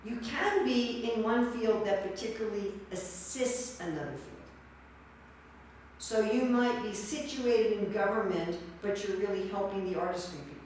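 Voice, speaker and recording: A woman's voice: mid-range voice, moderate pace, darkish tone, distant mic, a little hiss or hum. Woman lecturing in an echoey hall. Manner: quizzing the audience, repeating and judging their answers. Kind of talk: interactive class lecture.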